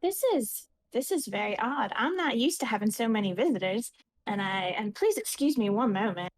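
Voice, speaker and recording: A woman's voice: on the high side, lively intonation, normal speed. A woman voicing a courteous, slightly flustered artisan traveler in a tabletop game. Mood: bemused. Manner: courteous and hesitant.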